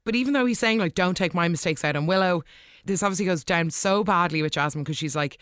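Animated soap recap host, dry sound. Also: mid-range voice, clean tone, no echo. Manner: animated, gushing, quick asides. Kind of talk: casual episode recap.

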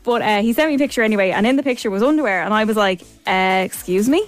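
Brief: young woman, podcast co-host, chatty storyteller, a bit high, faint music underneath. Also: racing. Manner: chatty, acts out both sides of a story. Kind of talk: casual chat, animated storytelling.

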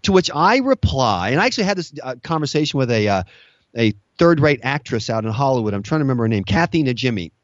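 A man's voice: medium pitch, big pitch swings, quick pace, no echo, highs cut off. A man giving opinionated radio commentary, sarcastic, mocking and combative. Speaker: political commentator.

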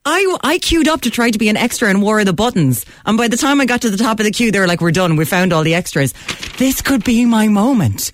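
A woman's voice: fairly high pitch, lively intonation, fast, hardly any pauses, no echo. A woman hosting a radio show, teasing and playful as she interviews guests and takes calls. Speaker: radio host.

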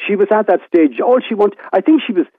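A man's voice: high-pitched, fast, no room sound. Man, sixties, Limerick Irish accent, rambling reminiscence, restarts, phone-line sound. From Ireland. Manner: chatty, rambling, many restarts and fillers. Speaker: radio broadcaster, phone guest. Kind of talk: casual reminiscing interview. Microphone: telephone.

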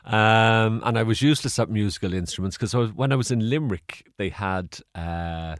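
A man's voice: fairly low pitch, moderate pace, no echo, clean studio sound. An Irish man, a guest in an interview, telling stories in a chatty, rambling way with fillers and laughs. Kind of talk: casual storytelling interview.

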